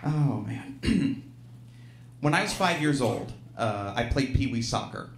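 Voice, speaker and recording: A man's voice: medium pitch, expressive, slow, a loud crowd, very noisy. A man from Alabama telling a true story at a live storytelling show, self-deprecating and laughing through his lines. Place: live venue stage, audience present. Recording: roomy live venue sound.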